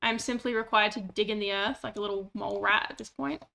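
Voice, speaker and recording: Over a cheap desktop mic, a game streamer rambles casually and pokes fun at herself while she plays. She talks quickly at a medium pitch in a steady, pushed, bright voice with some vocal fry.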